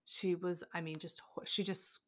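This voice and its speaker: A woman in her thirties telling candid, animated personal stories in a casual conversation. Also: lowish voice, normal speed. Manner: candid, animated storytelling with laughs.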